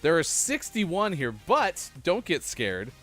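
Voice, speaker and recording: A man's voice: on the high side, wildly swooping pitch, takes it slowly, fairly bright tone, faint music behind. A man hosting a casual morning show, chatty and laughing at his own jokes. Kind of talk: casual live-stream chat.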